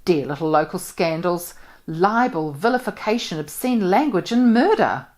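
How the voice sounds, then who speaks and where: A woman reader voices a wry young veteran who speaks in a dry, sardonic way. The voice sits low but moves with lively inflection. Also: normal speed, lightly acted. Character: wry, exasperated young male war veteran.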